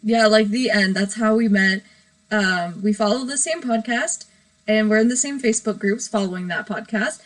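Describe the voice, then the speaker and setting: A woman's voice: mid-range voice, normal speed, poor audio. A woman hosting a casual live stream from her bedroom, rambling, giggly and self-deprecating. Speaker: livestream host.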